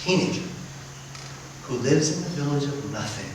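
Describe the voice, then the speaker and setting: A man giving a motivational talk, telling a story emphatically and swinging between hushed and loud, excited passages. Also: mid-range voice, moderate pace. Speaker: motivational speaker. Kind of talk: storytelling talk to a live audience. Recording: echoey room, mic far off, background noise.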